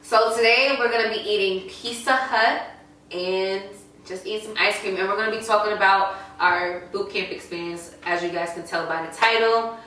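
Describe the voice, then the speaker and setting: A woman's voice: medium pitch, fairly even intonation, moderate pace, bright, forceful tone, distant mic. A young woman hosting a casual chat over food, bubbly and chatty, full of "like". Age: young adult. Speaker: YouTube host. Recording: echoey room, off-mic, faint background noise.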